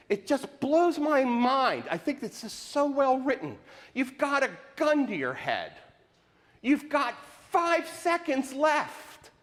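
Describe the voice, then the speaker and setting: A man with a high voice preaches at a slow, deliberate pace. He asks question after question and repeats lines for effect. The sound carries a long reverb from a church sanctuary. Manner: animated, questioning, rhetorical repetition. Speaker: pastor. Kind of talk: sermon.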